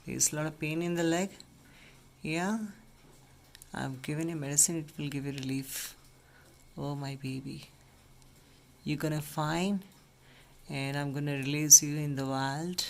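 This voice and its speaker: Soothing man, slow and gentle. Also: a little high. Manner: soothing, cooing gently to an injured bird. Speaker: bird rescuer. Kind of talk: casual vlog narration. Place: at home, indoors. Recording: noisy home recording.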